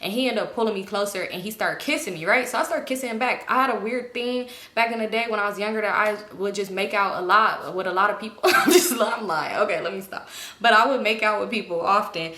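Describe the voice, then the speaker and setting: A young woman vlogger telling a storytime tale in an animated, chatty way, laughing often. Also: medium pitch, fast talker, roomy sound, a little hiss or hum. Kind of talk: storytime vlog.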